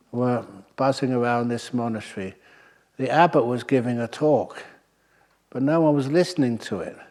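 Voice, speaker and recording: A male Buddhist monk, his voice middle-pitched and darkish, gives a humorous storytelling dharma talk at a meditation retreat. He winds through wry anecdotes at an easy pace, with the occasional filler.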